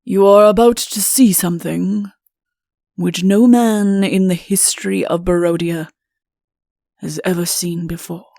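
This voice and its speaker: A woman's voice: lowish voice, fairly even intonation, unhurried, gravelly, no echo, clean studio sound. A woman reading an audiobook, voicing an angry, pompous male king who bellows commands. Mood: grave. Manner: loud, commanding, indignant. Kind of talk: audiobook character voice.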